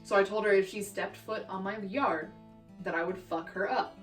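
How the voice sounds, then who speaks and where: A young woman from Texas telling childhood stories in a brash, profane, animated way for her vlog. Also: medium pitch, moderate pace. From Texas, USA. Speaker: vlogger. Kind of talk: storytime vlog. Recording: roomy echo, distant mic, faint guitar music.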